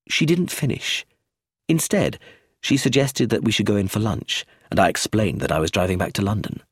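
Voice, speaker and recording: A man reading a novel aloud as first-person narrator, measured and expressive. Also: lowish voice, slightly rough, no room sound, studio quality. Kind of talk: audiobook narration.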